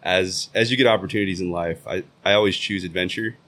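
Guest spot, American man, lowish voice, measured and thoughtful talker. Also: steady tone, a bit bright. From United States. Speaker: podcast guest. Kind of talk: casual podcast chat.

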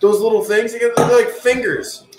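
A man's voice: very high voice, steady tone, moderate pace, reverberant, music in the background. A man co-hosting a casual chat in a bar, teasing and arguing back with his friend. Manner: teasing, contrary banter. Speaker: podcast co-host.

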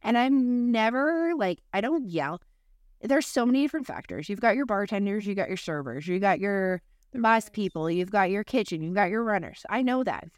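A woman's voice: medium pitch, lively intonation, moderate pace, clean tone, no echo, studio quality. A woman co-hosting a podcast, telling candid, rambling stories in casual chat, full of fillers and asides. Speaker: podcast co-host.

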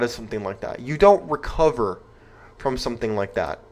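A man's voice: medium pitch, expressive, brisk. A young man hosting an opinion commentary show, reading news aloud and reacting with rhetorical, indignant outrage.

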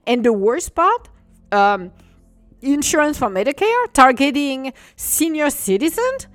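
A fired-up woman scolds a company in a ranting monologue, her fairly high voice leaping up and down as she goes. Her English phrasing is a little non-native, and soft music sits faintly behind her. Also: a little slow, no room sound. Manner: indignant, animated, scolding.

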